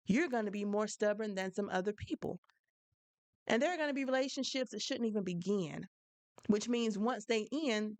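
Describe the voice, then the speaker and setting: A woman's voice: medium pitch, no room sound. A woman hosting a solo advice podcast, talking frankly and conversationally, with a preachy edge. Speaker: podcast host.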